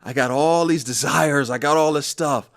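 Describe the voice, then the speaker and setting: A man, a gospel musician, telling personal stories in an animated, emphatic way during a conversation. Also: fairly high pitch, normal speed, creaky. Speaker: gospel musician and podcast guest.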